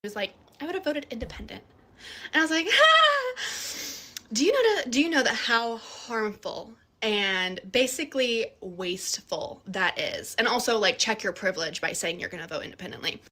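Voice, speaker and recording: A woman telling a personal story to camera in an animated way, with some swearing. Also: mid-range voice, a little fast, few pauses.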